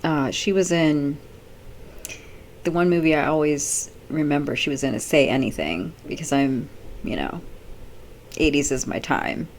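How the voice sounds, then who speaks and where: A woman's voice: deep voice, a little slow, a little hiss or hum. Rambling middle-aged woman vlogger. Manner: rambling, off-the-cuff, many fillers. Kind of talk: casual chat.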